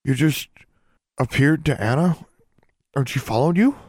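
A man's voice: mid-range voice, unhurried, slightly rough, dry recording, clean studio sound, pitched above the performer's own voice. A man voicing a hurt but commanding young witch who gives orders. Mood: urgent. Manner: forceful, commanding.

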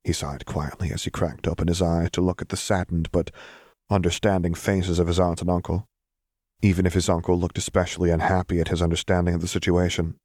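Deep-voiced male storyteller, calm and measured. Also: no room sound, clean studio sound. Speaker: audiobook narrator. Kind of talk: scripted fanfiction narration.

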